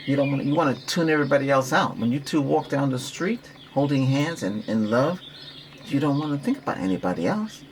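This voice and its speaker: A man who practices Reiki, giving a rambling relaxation talk with breathing guidance, repeating himself and coaching gently. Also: medium pitch, expressive, a little fast, slight background noise.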